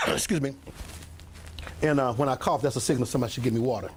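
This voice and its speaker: An older man, a pastor telling a rambling, animated story in a sermon to his congregation, often clearing his throat and coughing. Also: medium pitch, fast, noisy background. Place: church meeting room with a congregation.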